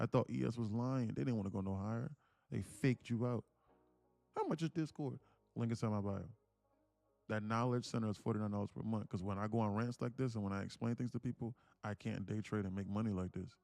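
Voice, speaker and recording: A man hosting a live day-trading stream, preaching emphatically and repeating himself as he pitches memberships. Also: a little fast, vocal fry, dark tone, no room sound, studio quality, faint music behind. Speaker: day-trading livestream host.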